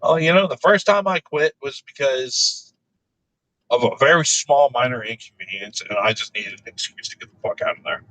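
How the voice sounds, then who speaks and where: Guy laughing thru his crude work stories, deadpan punchlines, bright tone. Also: medium pitch, normal speed, dry recording, rough recording. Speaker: storyteller in casual chat. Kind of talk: casual chat.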